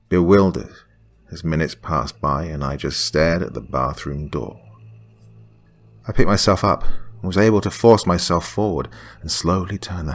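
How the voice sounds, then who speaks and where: A man reading a first-person horror story in a hushed voice that drops to whispers. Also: low-pitched. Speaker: horror podcast narrator. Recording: faint music under the voice.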